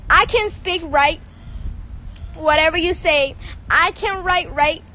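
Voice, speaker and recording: A woman's voice: extremely high pitch, slow, sharp tone, poor audio. A teenage girl from Cuba with a Cuban Spanish accent, a Spanish speaker, ranting angrily and profanely on a livestream. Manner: angry, profane, confrontational. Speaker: singer and social media personality. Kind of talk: heated livestream rant.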